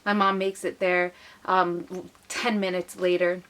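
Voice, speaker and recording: A woman's voice: on the low side, flat delivery, a little slow, a bit bright. A young woman vlogger, emotionally retelling a personal story to camera. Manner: emotional, retelling with acted quotes.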